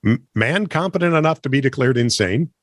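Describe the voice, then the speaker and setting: A man co-hosting a comedic news podcast, trading deadpan quips and banter in casual chat. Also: medium pitch, fairly quick, no echo, clean studio sound. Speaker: podcast co-host.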